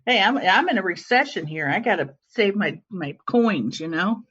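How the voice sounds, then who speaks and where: A woman in casual podcast chat, joking in a dry, deadpan way. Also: medium pitch, moderate pace, breathy edge, muffled recording.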